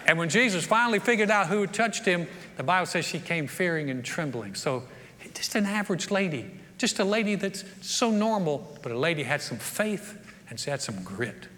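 Man, pastor, high voice, folksy preaching, long reverb. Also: moderate pace, slight background noise. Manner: folksy, animated storytelling with acted-out quotes. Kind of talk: sermon. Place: church sanctuary.

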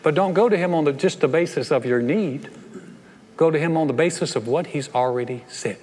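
A man preaching a sermon as pastor, animated and acting out playful voices. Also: fairly high pitch, brisk, background noise. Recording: long reverb of a large hall.

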